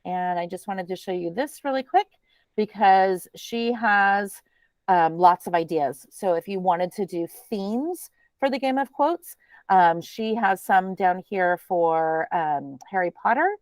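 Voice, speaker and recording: A woman presenting a teacher training webinar in a chatty, relaxed way, with many ums. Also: mid-range voice, measured pace, dry recording.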